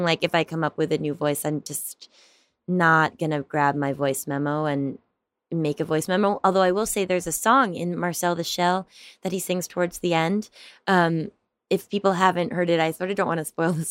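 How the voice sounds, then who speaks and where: A young adult woman, an actor and stand-up comedian, chatting in an interview in a rambling way, full of fillers and quick laughs. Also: lowish voice, no room sound. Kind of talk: casual interview chat.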